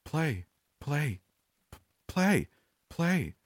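A man's voice: mid-range voice, lively intonation, a little mellow, dry recording, pitched above the performer's own voice. A man voicing a frail, broken young woman who speaks in a weak, trembling, childlike way. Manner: weak, trembling, halting speech. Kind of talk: horror story reading.

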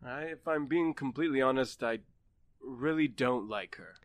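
A man's voice: mid-range voice, moderate pace, no echo. A young man playing a tabletop game in character, earnest and stammering. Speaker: player.

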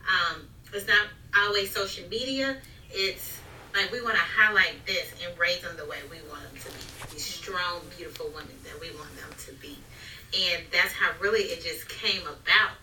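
Chatty mom, very bright tone, roomy echo, mic set back. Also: female voice, lowish voice, normal speed, slight background noise. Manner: chatty, animated, acting out what she says. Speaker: mother sharing parenting stories. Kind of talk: casual family chat. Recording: echoey room, mic at a distance.

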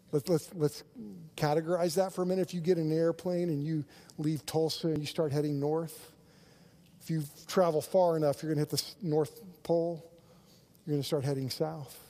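A man's voice: a little high, dark tone. A male pastor preaching a sermon, earnest, with frequent restarts and sudden swells of intensity.

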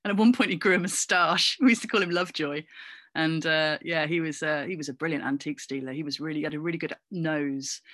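A woman from Cornwall, an actor and comedian, chatting as an interview guest with animated, anecdotal storytelling. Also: sits low, no room sound, studio quality. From Cornwall, England. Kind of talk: casual interview chat.

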